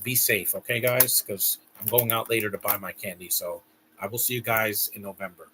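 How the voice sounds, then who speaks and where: A young man with a bright, forceful voice hosts a casual watch-along stream. He rambles and restarts his sentences as he reacts, and a faint hiss of noise sits under the recording. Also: on the low side, fairly even intonation, brisk. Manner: chatty, rambling, frequent restarts. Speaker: live stream host.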